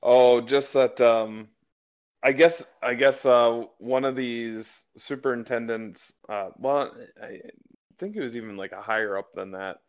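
A man's voice: medium pitch, steady tone, measured pace, clean tone. A man co-hosting a casual political chat show, talking in a rambling way full of fillers and restarts. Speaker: podcast co-host. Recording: slightly dull lo-fi audio.

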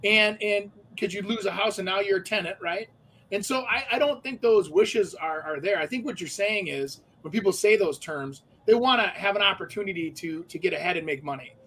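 A man's voice: high voice, brisk, a bit bright, a little hiss or hum, low-quality recording. A man co-hosting a casual real estate talk, chatty with many fillers and restarts. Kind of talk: casual chat.

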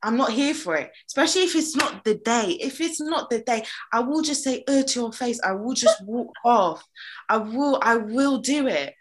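A woman's voice: on the high side, lively intonation, moderate pace. A young woman in casual chat, bantering with slang and laughing often.

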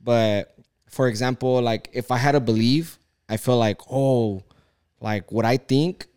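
A man's voice: medium pitch, measured pace, darkish tone, clean tone. A young man chatting casually on a podcast, swearing and rambling with lots of filler words and restarts. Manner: rambling, profane, many filler likes and restarts. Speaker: podcast co-host. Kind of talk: casual chat.

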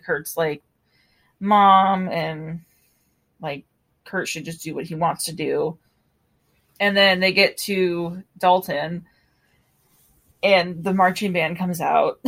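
A woman co-hosting a podcast, recapping an episode in casual chat, animated and laughing often. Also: lowish voice, slow, pauses often. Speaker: podcast co-host.

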